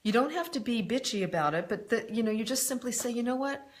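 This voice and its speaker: Speaking fast with lively intonation and a fairly high pitch, a woman coach takes viewer questions in a live online stream. She's frank and direct, names the people she's answering, and fills her speech with "um" and "you know."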